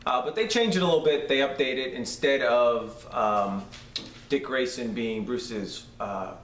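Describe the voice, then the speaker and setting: A man's voice: mid-range voice, unhurried, a bit bright, distant mic. A man with a New York accent casually reviewing a cartoon episode on a podcast, enthusiastic and rambling with lots of fillers. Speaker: podcast host. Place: room shared with a co-host. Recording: roomy echo, off-mic, faint noise.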